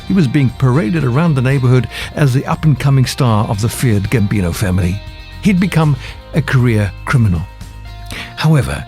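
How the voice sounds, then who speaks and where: A man hosting a talk show, reading a scripted introduction and interviewing a guest in a measured presenting voice. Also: mid-range voice, a little mellow.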